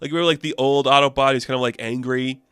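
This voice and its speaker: A man's voice: mid-range voice, steady tone, fast, fairly bright tone, clean tone, no echo, studio quality. A young man casually recapping a comic book issue, rambling with fillers and laughs.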